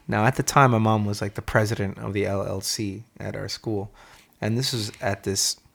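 A man's voice: on the low side, normal speed, vocal fry. Casual man telling a story. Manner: animated storyteller, swears freely, acts out voices. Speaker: podcast co-host.

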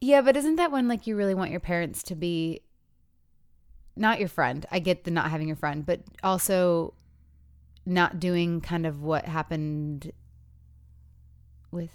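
A woman's voice: measured pace, long pauses, smooth, dry recording, studio quality. A woman in her thirties co-hosting a casual podcast, chatty and acting out the quotes she tells. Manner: chatty, acts out quotes with big pitch jumps. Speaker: podcast co-host.

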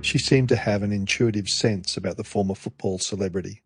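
A man's voice: on the low side, fairly even intonation, a little fast, faint music behind. A man narrating a true-crime podcast. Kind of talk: scripted narration.

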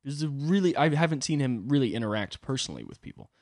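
A man's voice: medium pitch, sing-song, quick pace, a little mellow, no room sound, clean studio sound. A young adult man hosting a solo podcast, telling a comedic story with profane, rambling asides. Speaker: podcast host.

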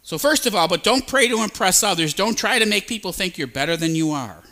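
A male pastor giving a lively sermon, sometimes imitating babbling sounds to make a point. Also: sits high, a little fast. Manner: animated, mimics babbling sounds. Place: church sanctuary.

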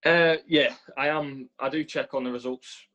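A man's voice: medium pitch, fairly even intonation, normal speed, pushed and bright, dull audio. A young man with an English accent, a footballer answering interview questions earnestly, often repeating and restarting his words. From England. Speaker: professional footballer, interview guest.

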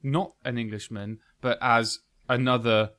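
A man's voice: medium pitch, fairly even intonation, unhurried, a bit bright. Giggly male podcast host. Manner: enthusiastic, giggly recapping. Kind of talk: casual film review chat.

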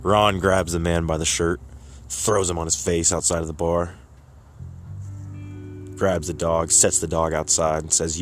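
A man telling a joke as a story, unhurried with drawn-out pauses. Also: low-pitched, little pitch movement, soft background music.

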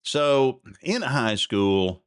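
A man's voice: mid-range voice, very animated, very slow, smooth, no echo, clean studio sound. A man, hosting a podcast and telling a rambling personal story in a self-deprecating, chuckling way. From Oklahoma. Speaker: podcast host.

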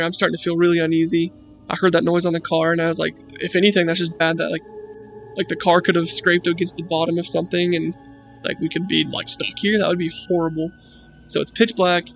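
Slightly high, gravelly and a bit bright, this young man's voice carries a rambling, profane spooky tale about his friends, packed with "like" throughout.

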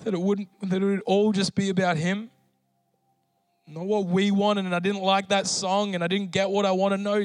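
A man with a high voice preaches an impassioned sermon, his delivery pleading and urgent as he moves into prayer. The sound is dry and close. Soft music plays faintly under his words. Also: flat delivery, normal speed, smooth, no room sound. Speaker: pastor. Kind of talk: sermon with emotional testimony.

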